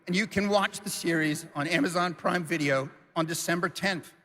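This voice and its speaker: A man gives a stage presentation, emotional and a little choked up. His voice sits somewhat high for a man and sounds bright and forceful. A long hall reverb trails each phrase. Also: moderate pace. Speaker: studio co-founder presenting on stage.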